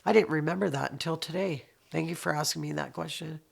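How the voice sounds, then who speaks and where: A woman's voice: sits low, fast, vocal fry, slightly rough. A woman, giving heartfelt personal testimony, often repeating phrases and restarting sentences. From Canada. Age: 60s. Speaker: interviewee sharing her life story.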